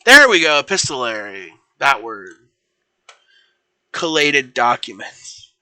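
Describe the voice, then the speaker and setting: Young guy streaming, super bright voice, goofy rambly storyteller. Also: medium pitch, very animated, slow pace, pauses often. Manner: rambling, self-correcting, playful. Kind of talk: casual improvised storytelling.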